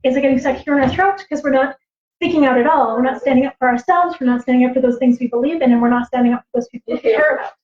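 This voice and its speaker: A woman storyteller and teacher on a livestream, animated and laughing, acting out voices as she tells stories. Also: high voice, rapid-fire. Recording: roomy, slightly dull livestream audio.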